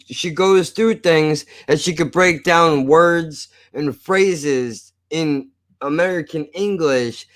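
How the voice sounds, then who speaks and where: A man from South Jersey with a South Jersey accent, chatting loosely and with swearing on a live stream. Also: mid-range voice. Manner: loose and profane, talks to chat. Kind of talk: casual live-stream chat.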